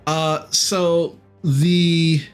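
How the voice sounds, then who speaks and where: A man running a tabletop game as game master, narrating in an unhurried, rambling way with many ums and self-corrections. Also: a little high, level tone, soft background music.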